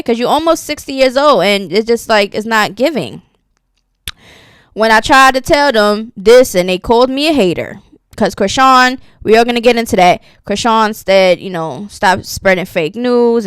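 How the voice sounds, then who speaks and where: A woman's voice: fairly high pitch, smooth, no room sound, clean studio sound. A woman giving sassy, casual gossip commentary, reading posts aloud and reacting to them. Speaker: commentary channel host.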